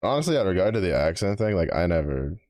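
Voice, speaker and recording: A man's voice: low-pitched, very animated, fast talker, darkish tone, no room sound, clean studio sound. A man with a Texan accent streaming a game, talking in a rambling, casual way and swearing often. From Texas. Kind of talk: casual chat.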